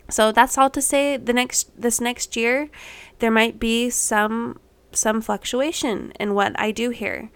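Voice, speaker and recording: Woman, 30s, podcast host, late pregnancy, candid rambling monologue, gravelly fry. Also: a little high, a little slow. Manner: candid, rambling, many ums, getting emotional.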